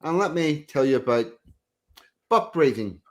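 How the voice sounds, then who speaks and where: A man co-hosting a stream, reading out odd news items in a dry, deadpan way between casual remarks. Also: a little high, a little slow. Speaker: stream co-host.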